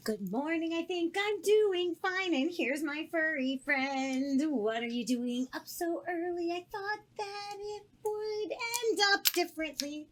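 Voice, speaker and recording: A woman playing a tabletop game, speaking in character in a gentle, questioning way. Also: very high-pitched, takes it slowly, hardly any pauses, slight background noise. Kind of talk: in-character role-play.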